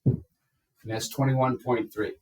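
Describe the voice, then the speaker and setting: A man's voice: mid-range voice, little pitch movement, background noise. A man teaching a math class, explaining step by step and checking in with his students. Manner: slow, step-by-step, checks in with "okay?". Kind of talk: classroom lecture. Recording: echoey classroom from far off.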